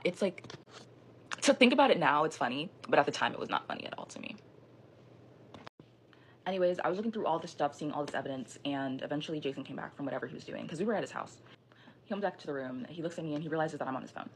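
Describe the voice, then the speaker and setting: A young woman with a low voice tells a personal story at a fast clip. She rambles, leans on filler words and swears freely, in a casual storytime manner recorded on a phone. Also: a bit bright, slight background noise.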